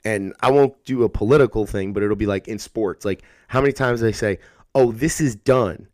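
A man's voice: lowish voice, fairly quick, no room sound, clean studio sound. A man in his thirties in casual podcast chat, rambling and swearing freely, and sometimes acting out what kids would say. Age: 30s. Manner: rambling, animated, swears freely, acts out kids' voices.

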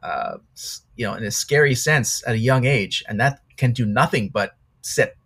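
A man's voice: medium pitch, animated, moderate pace, a bit bright, husky. Thoughtful Canadian man on a podcast. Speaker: podcast guest. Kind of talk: casual podcast discussion.

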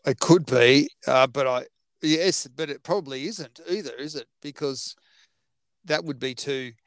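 A man's voice: medium pitch, unhurried, no room sound. A man co-hosting a podcast, chatting casually about a film and laughing often. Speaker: podcast co-host. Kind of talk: casual chat about films.

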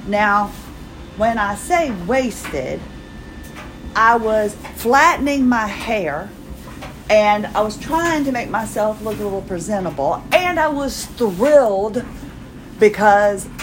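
A woman's voice: mid-range voice, lively intonation, slow, noisy background. Rambling tired woman podcaster. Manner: rambling, self-deprecating, chatty. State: tired, moving carefully while pregnant. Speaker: podcast host. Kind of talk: casual personal monologue. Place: home, house chores around her.

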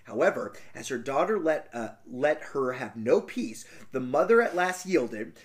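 Animated man reading a fairy tale. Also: medium pitch, measured pace. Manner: animated, laughing, swears casually. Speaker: podcast co-host and reader.

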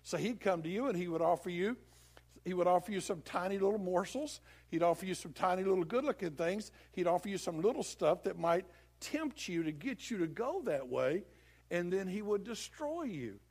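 A male preacher giving a folksy, animated sermon full of homely comparisons. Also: high voice, moderate pace, breathy edge.

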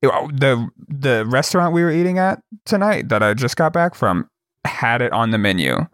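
A man's voice: mid-range voice, animated, normal speed, fairly bright tone, smooth, dry recording, clean studio sound. A young man from Wyoming, co-hosting a podcast and telling stories in casual chat, rambling with many fillers and restarts. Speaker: podcast co-host.

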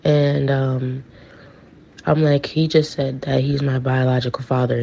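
A woman's voice: very deep voice, level tone, measured pace, gravelly, mellow, slight background noise. A woman casually telling a personal story, acting out the texts she quotes, on a dull lo-fi recording. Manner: chatty, acts out quoted texts.

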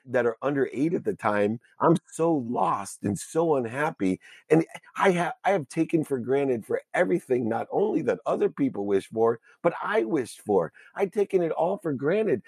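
A man telling a personal story as an interview guest, earnest and emotional, with halting restarts. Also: mid-range voice, animated, darkish tone, husky, no echo, studio quality.

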